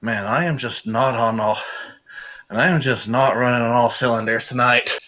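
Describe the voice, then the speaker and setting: A man in a tabletop game session, talking in character in a lively, rambling way. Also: medium pitch, moderate pace. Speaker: player. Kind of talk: tabletop role-play in character.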